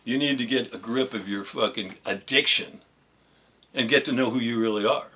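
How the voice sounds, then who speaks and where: A man's voice: medium pitch, normal speed, bright, forceful tone. A man delivering a profane, sarcastic rant as a vlogger, mocking as he goes. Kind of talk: ranting monologue to camera.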